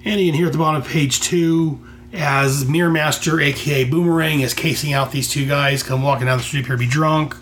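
Reviewing a comic on his podcast, an American host rambles enthusiastically and keeps restarting his sentences. He speaks briskly in a higher, slightly bright voice with fairly even intonation, and there's a little hiss or hum on the recording.

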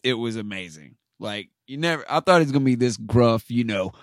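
A man with a gravelly voice and a lively, moving pitch chats on a podcast, restarting his sentences as he goes. The sound is close and dry, with faint music behind. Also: no room sound. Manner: halting, repeats his words. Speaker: podcast co-host. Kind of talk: casual chat.

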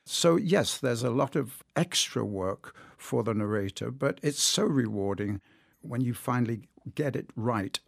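A man speaks in an interview with eager enthusiasm and tells his stories in an animated way. His voice has a gravelly edge, and the sound is dry and close. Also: mid-range voice, a little slow, no echo. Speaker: audiobook narrator, guest. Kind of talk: interview conversation.

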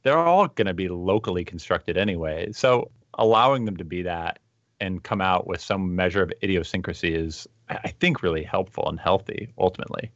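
A man co-hosting a podcast over a video call, musing aloud with many fillers and telling stories in an animated way. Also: low voice, fairly quick, dry recording, highs cut off. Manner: thoughtful, animated storytelling with frequent fillers. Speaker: podcast co-host. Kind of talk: casual conversational discussion.

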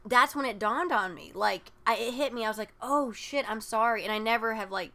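Brief: woman podcast co-host, bright and gravelly, rambling storyteller. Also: fairly high pitch, fairly quick. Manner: rambling, many "like" fillers, acts out quoted voices. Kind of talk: personal storytelling in casual chat.

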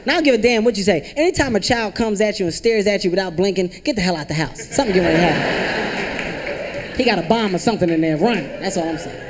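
A young adult man doing a stand-up comedy set, animated, acting out family scenes in shifting voices. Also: sits high, fast. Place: comedy club stage before a live audience. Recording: live club recording with loud crowd and noise. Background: audience laughter.

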